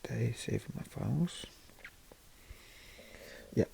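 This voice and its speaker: A man chatting casually to his YouTube audience in a soft-spoken, rambling, self-deprecating way. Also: slow pace, slight background noise. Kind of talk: casual vlog chat.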